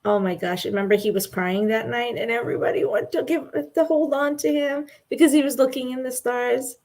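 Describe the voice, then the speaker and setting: A woman co-hosting a casual chat, telling stories in a gushing, animated way and laughing often. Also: a little high, fairly quick. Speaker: co-host.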